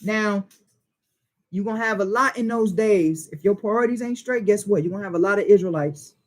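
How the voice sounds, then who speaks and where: A man's voice: high-pitched, fairly quick. A man teaching a Bible study in informal preaching style, emphatic and full of rhetorical questions and street slang.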